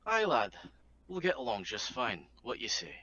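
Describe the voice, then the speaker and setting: A man voicing a kindly, gruff adventurer who talks soothingly to an animal. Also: medium pitch, wildly swooping pitch, normal speed, sharp tone, no room sound, voice pushed up. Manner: soothing, folksy. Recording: dull dry robotic-sounding audio.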